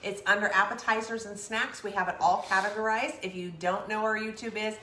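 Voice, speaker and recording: A woman's voice: mid-range voice, steady tone, a little fast, bright, forceful tone, echoey room, slight background noise. A woman hosting a casual live-stream recipe chat from a home kitchen, talking while she eats. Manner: chatty, talks while eating. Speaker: cooking show co-host.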